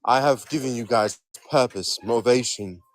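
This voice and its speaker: A man's voice: medium pitch, moderate pace, no room sound, lightly acted. A man doing a pompous British king who claims to own the Caribbean, speaking in a stiff, formal, mock-regal way. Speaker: podcast co-host.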